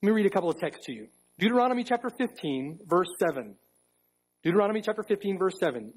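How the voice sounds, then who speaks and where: Emphatic high-voiced preacher, husky tone. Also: male voice, big pitch swings, rough recording. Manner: emphatic preaching, repeats key phrases, slows for stress. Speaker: pastor. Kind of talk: sermon. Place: church sanctuary.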